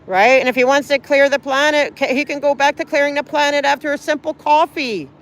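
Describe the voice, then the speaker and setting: A woman's voice: sits high, steady tone, brisk. A woman livestreaming outdoors on a city street, talking in an earnest, pleading, rambling way. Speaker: livestreaming auditor.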